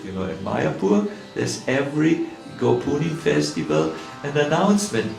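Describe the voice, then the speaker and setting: A man's voice: medium pitch, sing-song, normal speed, creaky, a little mellow, reverberant, far from the mic, soft background music. A man with a German accent giving a storytelling sermon as a swami in a temple, acting out the lines of the people in his story. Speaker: swami giving a scripture class. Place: temple hall.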